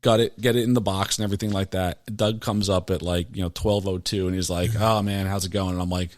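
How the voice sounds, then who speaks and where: A man from New Jersey hosting a podcast, telling fishing stories in a relaxed way, full of fillers and acted-out quotes. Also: low voice, quick pace, no echo. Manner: relaxed, filler-heavy, acts out quoted lines. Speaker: podcast host. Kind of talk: casual fishing storytelling.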